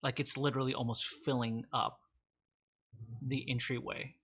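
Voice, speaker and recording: A man acts as game master for an online tabletop game, setting each scene in a measured, descriptive way. His voice is bright and clear in tone. The audio sounds a little dull and lo-fi. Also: medium pitch, little pitch movement. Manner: descriptive, measured narration with fillers.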